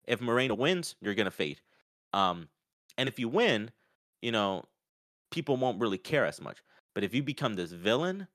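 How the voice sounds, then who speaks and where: A man talking casually about a fight, often acting out what others said in a raised, lively voice. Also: on the low side, no echo, clean studio sound. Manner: animated, acts out quotes in raised voice. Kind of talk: casual sports chat.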